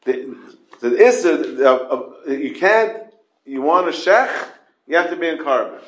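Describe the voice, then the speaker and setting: A man's voice: on the high side, animated, measured pace, echoey room. A man teaching a Talmud class, repeating points and asking rhetorical questions. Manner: explains in repeated questions, stressing key words.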